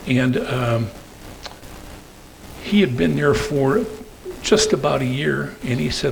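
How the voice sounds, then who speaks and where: An older man giving a rambling storytelling talk at a meeting, tagging his sentences with "okay?" and pausing on fillers. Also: mid-range voice, gravelly, slight background noise, low-quality recording. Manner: hesitant fillers between phrases. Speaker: guest speaker.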